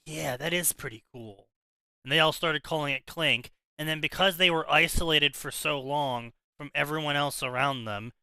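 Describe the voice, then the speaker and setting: A man talks in a loose, opinionated ramble, restarting his sentences as he goes. His voice is very bright and crisp, and it sits a little high. The sound is close and dry. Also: no room sound, low-quality recording. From South Jersey, USA. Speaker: podcast co-host. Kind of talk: casual chat.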